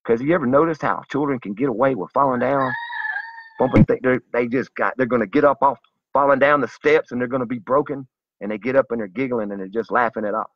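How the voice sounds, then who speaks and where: Talking fast in a mid-range voice, this man is a vlogger giving an earnest, preachy monologue directly to his viewers. The recording is dry, lo-fi, and a little dull, and his tone is zealous throughout.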